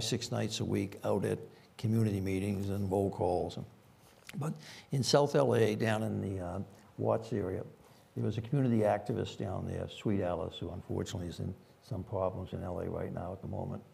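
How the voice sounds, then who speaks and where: A man's voice: lowish voice, steady tone, moderate pace, gravelly, warm tone, husky. An older man with a Boston accent, a former police chief telling rambling anecdotes with frequent fillers at a conference panel.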